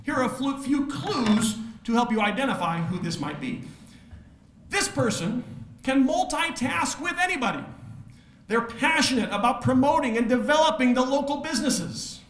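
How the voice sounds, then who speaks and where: A man's voice: very high-pitched, expressive, moderate pace, fairly bright tone. A man presenting an award at a chamber of commerce dinner, playful and teasing as he builds up the winner. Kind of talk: banquet award speech. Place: banquet hall. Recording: echoey banquet hall.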